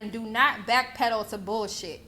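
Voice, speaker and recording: A woman's voice: fairly high pitch, moderate pace, sharp tone, a little hiss or hum. Sassy, blunt young woman ranting. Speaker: vlogger commentator. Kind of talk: casual commentary.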